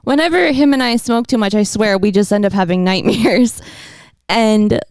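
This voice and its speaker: A woman telling a story in casual chat, animated, laughing often and swearing freely. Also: medium pitch, normal speed, no echo.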